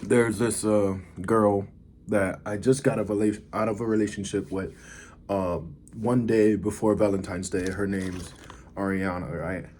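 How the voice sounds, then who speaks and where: A man's voice: fairly low pitch, little pitch movement, unhurried, darkish tone, a little hiss or hum. A man talking casually to camera, rambling with fillers as he reviews food and tells a story. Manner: laid-back, rambling with fillers. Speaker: vlogger.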